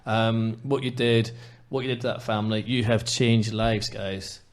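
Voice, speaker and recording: A man's voice: fairly low pitch, flat delivery, measured pace, a little hiss or hum. Impassioned man ranting on a podcast. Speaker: podcast host. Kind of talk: casual football podcast chat.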